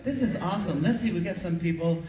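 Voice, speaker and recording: A man doing stand-up comedy, teasing the audience in an animated way, recorded live from the crowd. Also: high voice, quick pace, recorded from a distance. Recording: echoey hall taped from the audience. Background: audience laughter.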